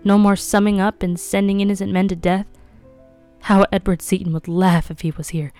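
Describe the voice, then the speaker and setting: A woman's voice: fairly low pitch, fairly quick, mellow, smooth, dry recording, faint music behind, natural voice. A woman reading a sardonic, reckless adventurer man with mocking, harsh laughter. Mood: wild.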